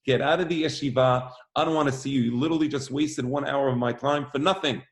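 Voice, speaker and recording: A man's voice: medium pitch, steady tone, fast talker, roomy sound, lightly acted. A man voicing an impatient head of a religious academy who snaps at a visitor. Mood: angry. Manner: snapping, impatient. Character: irritated older male head of a religious academy.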